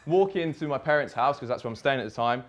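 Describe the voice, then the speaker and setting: A young man speaks at a summit, walking through a personal story step by step in the present tense. His pitch sits in the ordinary middle for a man. His delivery is vivid, with blunt swearing. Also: expressive, quick pace. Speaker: speaker at a fitness business summit. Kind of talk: storytelling keynote talk.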